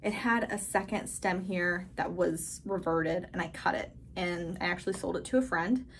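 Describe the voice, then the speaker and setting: A woman giving a casual, chatty tour of her houseplants, gushing and excited, full of filler words. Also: lowish voice, moderate pace, slight background noise. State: a bit out of breath. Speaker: plant vlogger. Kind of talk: casual plant tour vlog. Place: indoors at a grow tent.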